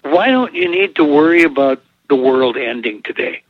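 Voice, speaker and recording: A man's voice: on the high side, animated, normal speed. A man co-hosting a casual chat show, telling corny jokes and chuckling at his own lines. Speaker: podcast co-host telling jokes. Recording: dull, lo-fi dry recording.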